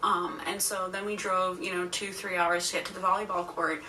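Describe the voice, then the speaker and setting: A woman telling an absurd story in a rambling, deadpan way, full of fillers. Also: on the low side, normal speed, slight background noise. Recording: echoey room from a distant mic.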